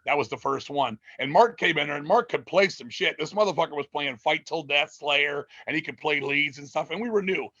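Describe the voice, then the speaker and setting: Profane, rambling man with a bright voice. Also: fairly high pitch, fairly quick, few pauses, no echo, highs cut off. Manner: profane, rambling, animated storytelling. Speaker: interviewee, metal musician. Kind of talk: casual storytelling interview.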